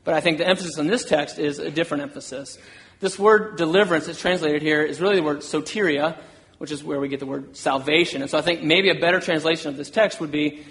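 High-voiced male preacher. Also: fast, fairly bright tone. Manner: earnest preaching, voicing Paul with rising intensity. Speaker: pastor. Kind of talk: sermon.

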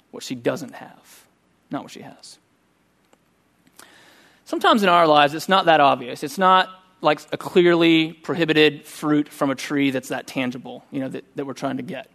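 A middle-aged man preaching a sermon, telling a personal story in a conversational, animated way. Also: a little high, moderate pace, vocal fry. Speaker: pastor.

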